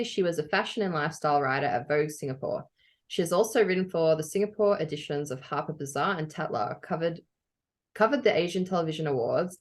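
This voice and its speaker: Low-voiced laughing woman co-host. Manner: laughing, chatty, playful. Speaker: podcast co-host. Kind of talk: casual chat. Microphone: video call.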